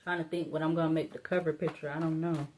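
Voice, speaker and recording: A woman's voice: deep voice, level tone, quick pace, darkish tone, slight background noise. A woman giving a casual solo tarot reading, thinking aloud, rambling and laughing to herself, blunt and informal. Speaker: tarot reader.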